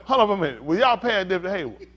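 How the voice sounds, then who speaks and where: A man's voice: high-pitched, very fast. A man preaching an interactive sermon, teaching in casual vernacular and checking in with listeners. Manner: animated, calls out to listeners, laughs and shouts at times; casual vernacular, asks "y'all understand?". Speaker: pastor.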